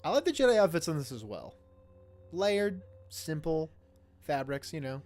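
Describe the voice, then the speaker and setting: A man's voice: a little high, sing-song, moderate pace, darkish tone, soft background music. A man co-hosting a casual reaction stream, talking in a crude, joking, rambling way over the film they are watching. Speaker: co-host.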